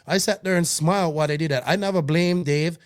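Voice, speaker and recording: A man's voice: on the high side, quick pace, clean tone. A man co-hosting a hobby podcast, talking in a heated, emphatic way that is full of swearing and restarts. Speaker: podcast co-host. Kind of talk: casual podcast chat.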